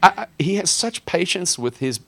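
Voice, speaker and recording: A man's voice: high voice, very animated, normal speed, creaky, sharp tone, no echo. A man teaching a casual Bible lesson from a map in an enthusiastic, chatty way, with fillers and restarts.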